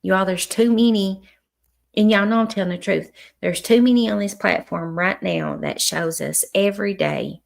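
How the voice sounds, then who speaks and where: A middle-aged woman talking slowly and unhurriedly to her livestream viewers. Her voice is heavily gravelly with vocal fry. She speaks frankly, cusses freely and stumbles over restarts. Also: on the low side. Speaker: livestream host. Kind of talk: casual livestream chat with viewers.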